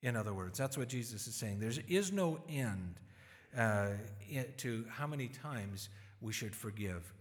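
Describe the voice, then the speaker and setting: Preacher in a reverberant church hall. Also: male voice, medium pitch, measured pace. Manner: paraphrases scripture in lively everyday voices. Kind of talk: sermon.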